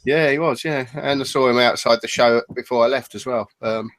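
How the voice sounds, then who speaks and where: A man's voice: mid-range voice, steady tone, a little fast, fairly bright tone, slight background noise. Chatty male podcast co-host. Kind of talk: casual podcast chat.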